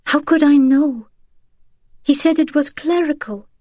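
A woman's voice: sits high, unhurried, a little mellow, no room sound, studio quality, voice pushed up. A woman voicing an anxious, guilt-ridden young French mother who pleads and stammers in an audiobook. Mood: pleading. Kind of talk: audiobook character reading.

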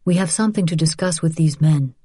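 A protective husband quickly sends the children off before a serious talk, in a low, dark, even voice, read by a woman narrator. The sound is dry and close. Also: slightly rough, dry recording. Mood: brisk.

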